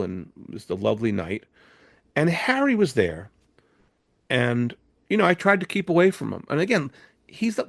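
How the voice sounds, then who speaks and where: A man in his seventies, a record producer appearing as an interview guest, telling stories in an animated way, with frequent restarts and repeated words. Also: medium pitch, gravelly, no echo. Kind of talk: anecdotal interview storytelling.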